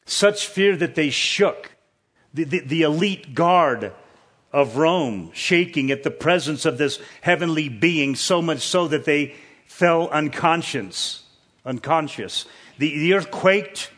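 A man's voice: on the high side, slow, a bit bright. A man preaching a sermon in a church, earnest and repeating words for emphasis. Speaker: pastor. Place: church with screens.

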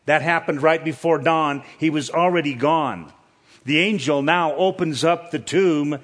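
Earnest man preaching, fairly high voice. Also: fairly bright tone. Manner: earnest, repeats words for emphasis. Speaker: pastor. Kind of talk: sermon. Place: church with screens.

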